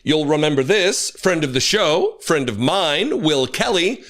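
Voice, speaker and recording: Man, mocking commentary host, bright high voice, swinging pitch. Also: unhurried. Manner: sarcastic, mocking, animated. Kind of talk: casual commentary.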